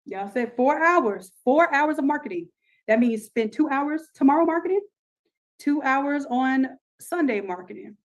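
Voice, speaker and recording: A woman runs a live online design class, energetically teaching and pitching offers, repeating herself and addressing viewers directly. Her intonation is lively and her pace a little slow, on a rough recording.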